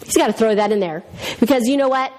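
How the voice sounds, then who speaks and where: A middle-aged woman with a high, light voice gives a church talk, mixing scripture with funny stories from her family life. She is animated and theatrical, acting out each voice she quotes. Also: fast, a little hiss or hum. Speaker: women's speaker. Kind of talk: humorous teaching talk with personal stories.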